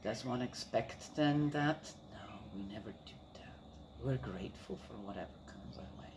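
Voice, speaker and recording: Whispering at a normal speed in a bass voice, an older woman chats casually about her family. As a grandmother sharing stories, she rambles warmly, laughs, and keeps returning to the same fillers.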